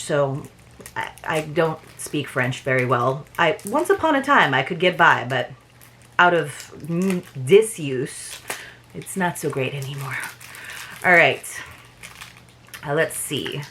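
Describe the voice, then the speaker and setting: Woman, unboxing vlogger, chatty rambling asides, low voice with a very animated pitch. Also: slow pace, pauses often, a little hiss or hum. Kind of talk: casual unboxing chat.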